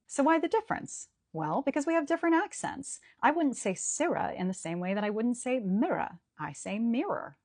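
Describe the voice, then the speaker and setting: A woman teaching in a clear, emphatic way, her voice slightly breathy. Her pitch moves a lot as she stresses points. The sound is close and dry. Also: sing-song, fairly quick, hardly any pauses, no echo. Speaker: Shakespeare teacher. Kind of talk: educational explainer.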